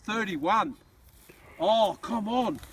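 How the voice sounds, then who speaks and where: An excitable Australian man chatting and joking outdoors in a paddock while metal detecting. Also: high-pitched, extremely slow, background noise. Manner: excitable, jokey, laughs often. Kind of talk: casual outdoor vlog chat.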